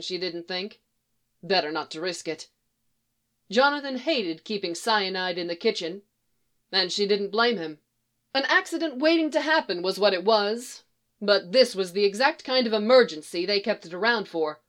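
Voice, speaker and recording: Woman calmly narrating a story. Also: mid-range voice. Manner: calm storytelling reading with quoted dialogue.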